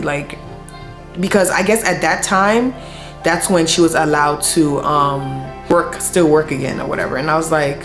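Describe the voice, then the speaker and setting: A woman's voice: sits low, moderate pace, over music. A young woman vlogger telling a personal story in casual, slangy speech full of fillers. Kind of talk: storytime vlog.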